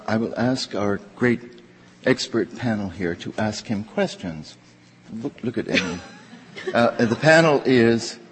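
A man hosting an event, giving a prepared formal introduction in a measured, wry way with dry jokes, in a lecture hall. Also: lowish voice, husky. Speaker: event host introducing a speaker. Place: lecture hall before an audience. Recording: long reverb in a large hall.

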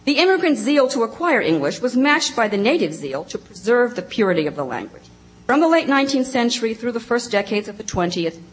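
A woman on a panel, reading a prepared academic paper aloud in a measured, precise way. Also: a little high, slight background noise, poor audio. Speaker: panel speaker.

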